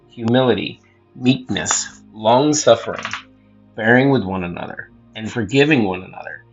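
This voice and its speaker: A man hosting his own channel, reading scripture aloud in a measured, earnest way and adding a casual word study. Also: mid-range voice, gravelly, highs cut off. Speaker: host and scripture reader.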